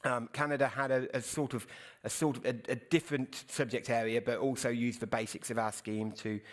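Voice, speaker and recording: A middle-aged man from the United Kingdom speaking on a conference panel, talking fast and earnestly, often restarting his sentences. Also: medium pitch, fairly even intonation. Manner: fast, earnest, self-correcting.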